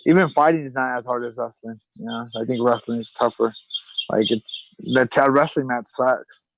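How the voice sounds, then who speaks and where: A man in his thirties chatting as a podcast guest, spinning stories in a loose, rambling way with plenty of restarts. His voice sits at an ordinary middle pitch, and the sound is dry and close with almost no room around it. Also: fairly even intonation, moderate pace, gravelly, no echo, low-quality recording. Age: 30s. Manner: rambling storyteller, trailing fillers and restarts. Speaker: podcast guest, retired pro fighter. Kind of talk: casual chat.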